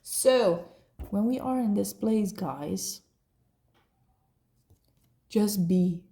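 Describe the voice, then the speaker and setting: A woman leads a casual spiritual reading at an unhurried pace. Her voice is mellow and a little dark, and she rambles and slips in slang as she goes. The sound echoes around a roomy space. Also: mid-range voice, vocal fry. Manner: rambling, laughing, slangy ("bruh", "eh"). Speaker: tarot reader.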